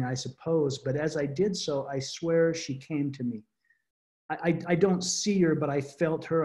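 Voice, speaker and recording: Man, earnest guest storyteller, warm dark tone, slightly high pitch, stumbling restarts, video call. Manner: earnest, halting with repeated restarts. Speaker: guest speaker. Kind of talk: personal story to a support group.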